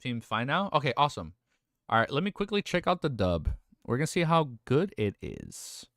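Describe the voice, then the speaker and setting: A male streamer chatting excitedly and casually during a live reaction stream, swearing now and then. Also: mid-range voice, moderate pace, no room sound, clean studio sound.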